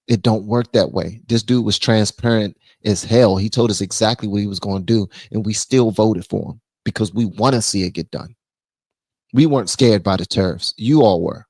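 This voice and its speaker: A man hosting a casual political live stream, blunt and animated, reading viewer messages aloud. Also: fairly low pitch, moderate pace, no room sound. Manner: blunt, animated, reads super chats aloud.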